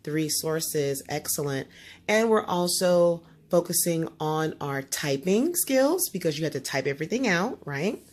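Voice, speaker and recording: A woman teaching a student one-on-one in a homeschool lesson, coaching and often checking understanding with quick tag questions. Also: low voice, sing-song, a little mellow.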